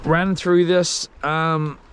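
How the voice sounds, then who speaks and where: A young man with a New Zealand accent talks on a live stream from a small boat at sea. He reads out viewer comments in a slangy, rambling way, in a high voice that takes its time. A faint hiss sits behind him. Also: little pitch movement, drawn-out words, a bit bright. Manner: laid-back, slangy, rambling with fillers. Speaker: livestreamer.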